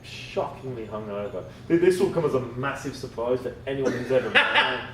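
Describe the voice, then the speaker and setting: A man's voice: mid-range voice, normal speed, far from the mic, crowd noise. A man from England, telling rambling comic-shop stories as a podcast guest, laughing and swearing as he goes. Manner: rambling, laughing, swearing, quoting people in lively voices. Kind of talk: casual storytelling chat. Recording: roomy, off-mic, noisy podcast.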